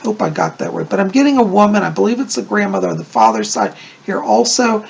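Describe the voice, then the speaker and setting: Gravelly, husky man with lively pitch. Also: fast talker. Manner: chatty, reassuring, often checks in with "okay?". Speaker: psychic medium. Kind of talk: casual video reading.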